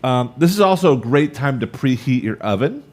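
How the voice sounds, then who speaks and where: A man's voice: mid-range voice, lively intonation, normal speed. A man in his thirties leading a live cooking demonstration, chatty and upbeat, talking straight to the viewers as he works. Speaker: cooking instructor.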